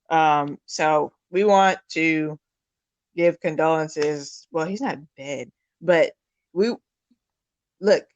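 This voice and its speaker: A woman's voice: lowish voice, dry recording, dull audio. A woman co-hosting a casual sports talk show, blunt, heated and profane. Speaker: podcast co-host.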